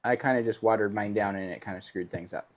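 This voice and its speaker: A man's voice: lowish voice, fast. A man teaching a live painting lesson, explaining steps and joking playfully with his co-host. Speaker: painting instructor.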